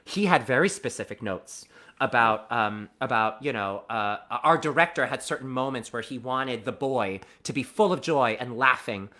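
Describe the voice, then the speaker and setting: A man being interviewed as a theater actor, telling animated anecdotes and often restarting his sentences. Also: medium pitch. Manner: animated, quick-talking anecdotes with many restarts. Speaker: guest, musical theater actor. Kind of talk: conversational interview storytelling.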